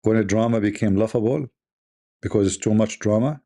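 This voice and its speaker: Scornful gravelly-voiced male commentator. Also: on the low side, a little fast, mellow. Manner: scornful, rhetorical questions, repeats himself. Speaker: online commentator. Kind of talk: casual live-stream commentary.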